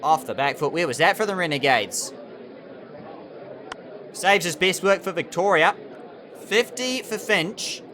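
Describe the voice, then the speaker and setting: A young man giving excitable, animated play-by-play commentary over a cricket management game. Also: high-pitched, measured pace, pauses often, a crowd in the background, noisy background. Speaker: gaming channel host.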